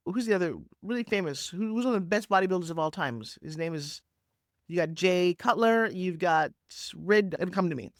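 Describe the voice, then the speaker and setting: A woman in her sixties, a podcast guest talking over a video call, telling her story in an energetic, emphatic way with big swoops in pitch. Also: brisk, no echo, studio quality. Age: 60s. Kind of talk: animated interview storytelling. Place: home office, Florida.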